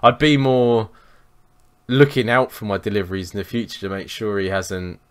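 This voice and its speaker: A man's voice: on the low side, normal speed, clear, resonant tone. A man co-hosting a casual advice podcast, blunt and swearing heavily as he tells stories. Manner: blunt, heavy swearing, animated storyteller. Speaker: podcast co-host.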